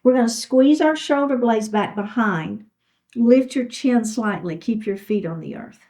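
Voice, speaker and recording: A woman's voice: fairly high pitch, a little slow, warm tone, rough recording. Upbeat woman leading a chair yoga class. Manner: encouraging, cueing each move step by step. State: a little out of breath. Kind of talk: guided fitness class instruction.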